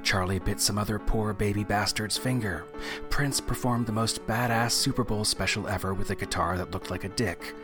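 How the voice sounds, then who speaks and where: A man's voice: lowish voice, steady tone, moderate pace, music in the background. Profane, sarcastic male podcast host. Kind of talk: casual, irreverent monologue.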